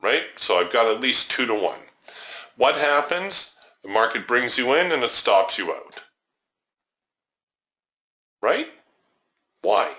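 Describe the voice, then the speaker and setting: Animated man teaching trading over lo-fi audio. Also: mid-range voice, slow, pauses often. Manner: emphatic, rhetorical questions to the audience. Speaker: trading educator. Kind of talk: webinar lesson over a chart. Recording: muffled lo-fi webinar audio.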